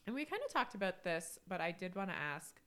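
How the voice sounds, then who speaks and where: Bright-voiced woman in her thirties, chatty. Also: medium pitch, very animated, fast. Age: 30s. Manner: chatty, laughs often, many fillers. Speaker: podcast co-host. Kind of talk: casual chat.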